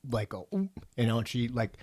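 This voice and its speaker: Profane, animated male podcast co-host. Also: mid-range voice, a little fast, no room sound, studio quality. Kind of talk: casual chat.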